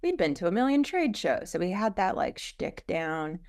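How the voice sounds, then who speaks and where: A woman co-founder guest telling her story in a rambling, animated way in a casual interview. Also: fairly low pitch, moderate pace.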